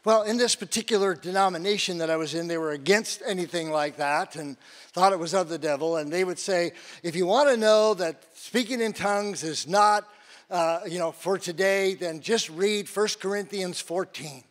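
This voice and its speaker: A man's voice: high voice, moderate pace. An older man preaching, telling a personal story with acted-out quotes and laughs. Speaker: guest preacher. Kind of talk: sermon with personal testimony.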